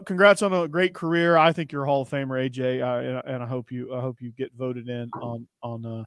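A man's voice: medium pitch, fairly even intonation, a little fast, hardly any pauses, smooth, no room sound, studio quality. A man hosting a sports podcast, chatting and telling stories in an upbeat way. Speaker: podcast host. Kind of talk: casual sports podcast chat.

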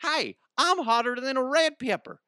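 A man voicing a boastful man who brags about his famous best friend, in a silly squeaky mock voice. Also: lively intonation, normal speed, pushed and bright, clean tone, no echo, clean studio sound, exaggerated voice.

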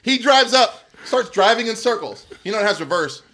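A man's voice: high-pitched, moderate pace, background noise. A man telling a story in casual chat, laughing often and acting out what people said. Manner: animated, laughing, acts out quotes.

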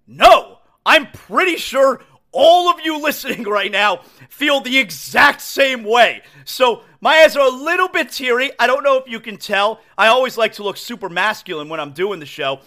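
A man hosting a sports talk podcast, his voice very high and bright. He talks with raw emotion and keeps stumbling over repeated words. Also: animated, normal speed. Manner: emotional, stammering restarts. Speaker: podcast host. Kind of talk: excited solo sports talk.

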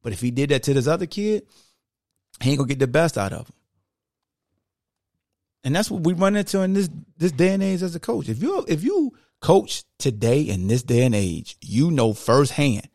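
A man's voice: medium pitch, expressive, moderate pace, darkish tone, dry recording, studio quality. A man hosting a sports podcast, talking in a casual, emphatic monologue and often saying "like" and "y'all". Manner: conversational, emphatic, heavy use of "like" and "y'all".

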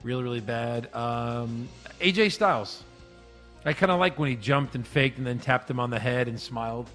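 A man co-hosting a casual wrestling podcast, agreeable and animated, with short reactions and goofy asides. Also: medium pitch, moderate pace, soft background music. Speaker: podcast co-host. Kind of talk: casual wrestling recap chat.

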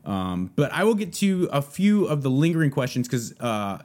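A man's voice: medium pitch, big pitch swings, normal speed, darkish tone. A man from Southern California hosting a podcast, rambling through a casual solo monologue full of fillers. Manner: rambling, loose, lots of fillers. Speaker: podcast host.

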